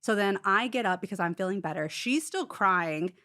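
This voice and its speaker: A woman telling her own story as an interview guest in casual, animated talk, peppered with "like" and quick restarts. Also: mid-range voice. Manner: rapid, animated retelling full of "like" fillers and restarts.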